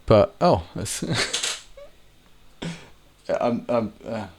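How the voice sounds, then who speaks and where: A man's voice: on the low side, animated, drawn-out words, creaky, noisy background. A young man talking casually to camera, rambling with lots of restarts and the odd swear word. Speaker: vlogger. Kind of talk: casual monologue.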